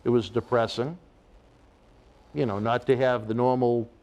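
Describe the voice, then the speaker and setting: A man hosting an interview, asking gentle, probing questions and sharing a little of his own experience. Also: mid-range voice, fairly even intonation, measured pace, highs cut off. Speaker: host. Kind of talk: interview chat.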